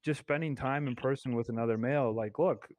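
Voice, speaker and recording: A man's voice: medium pitch, a little mellow, dry recording. Reflective male podcast host, dry sound. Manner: measured, reflective musing. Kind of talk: casual podcast conversation.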